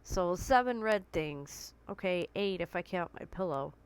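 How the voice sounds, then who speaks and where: A woman's voice: on the low side, expressive, unhurried, clean tone. A woman vlogging candidly and conversationally from her bedroom, recording on a tablet, with vivid comparisons. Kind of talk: personal talk to camera.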